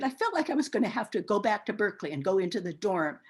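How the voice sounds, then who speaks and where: An older woman telling her life story in an oral history interview, expressive and animated, often pausing with fillers. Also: medium pitch, slightly rough.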